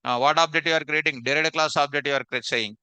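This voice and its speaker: Man, very bright voice, dry close sound, quizzing students, repeats questions. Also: a little high, fairly even intonation, fast, clear, resonant tone, dry recording. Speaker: programming teacher. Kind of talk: live online coding class.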